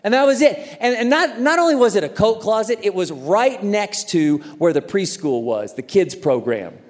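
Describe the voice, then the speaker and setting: A man preaching a sermon as a pastor, telling a story in an animated way and acting out the voices in it. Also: high-pitched, moderate pace, in a large hall. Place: large church auditorium.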